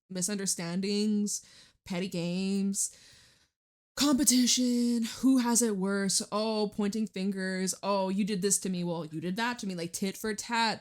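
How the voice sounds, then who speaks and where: A woman giving a casual tarot reading in a chatty, laughing way, full of fillers. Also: medium pitch. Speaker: tarot reader.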